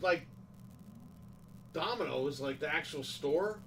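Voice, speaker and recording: A man rants in casual livestream chat, swearing freely and hammering his complaints home. His voice sits somewhat high. He sounds a little set back from the microphone. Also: normal speed, recorded from a distance, a little hiss or hum, low-quality recording. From New York, USA. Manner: profane, ranting, emphatic complaints. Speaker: livestream host.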